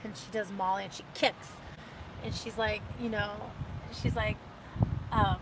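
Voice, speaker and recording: A woman's voice: medium pitch, steady tone, measured pace, background noise. A woman hosting a casual livestream, chatting in a rambling way and reading out viewer comments. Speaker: livestream host.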